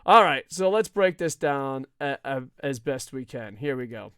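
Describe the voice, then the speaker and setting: A man hosting a live wrestling podcast alone, ranting loudly and swearing often as he reads viewer comments. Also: medium pitch, lively intonation, a little slow, clear, resonant tone, dry recording, studio quality. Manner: loud, profane, often yelling.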